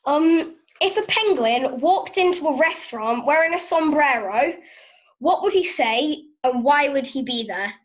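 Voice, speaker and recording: Brief: chatty female host, high voice, giggles, dull lo-fi recording. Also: animated, unhurried. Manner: chatty, giggly, reads questions. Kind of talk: casual interview chat.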